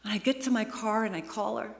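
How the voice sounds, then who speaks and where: A woman's voice: a little high, moderate pace, vocal fry. Woman preaching in an echoing hall. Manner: emotional storytelling, rising to excited peaks. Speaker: guest speaker. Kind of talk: sermon. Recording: long hall reverb.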